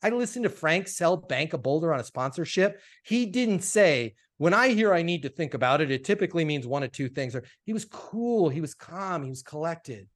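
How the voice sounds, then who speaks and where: A man, a sales coach being interviewed, telling stories in a casual, animated way and acting out the dialogue. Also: a little high, normal speed, few pauses. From Colorado, USA.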